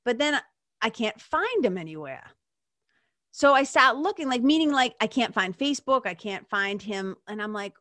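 A woman's voice: fairly high pitch, sing-song, normal speed, a bit bright, dry recording, clean studio sound. A woman hosting a show, telling a personal story in a chatty, emphatic way and speaking straight to her listeners. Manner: chatty and emphatic, many fillers like "like" and "you know"; addresses listeners directly. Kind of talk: casual personal storytelling monologue.

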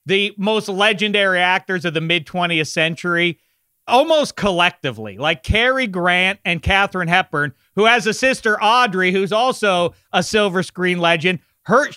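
A man with a high, bright voice, chatting as a guest on a podcast. His speech is crisp and wry, and he gives strong opinions. It is recorded close and dry. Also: lively intonation, normal speed, no echo. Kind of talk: casual chat.

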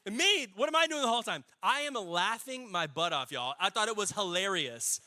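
A young adult man preaching a sermon, folksy and animated, building to emphatic peaks. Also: high-pitched, fairly quick, hardly any pauses. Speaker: pastor.

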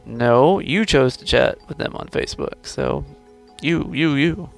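Man with a gravelly voice, coaching playfully. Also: mid-range voice, measured pace, soft background music. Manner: encouraging, playful, prodding with questions. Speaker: host coaching a student. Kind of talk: conversational coaching interview.

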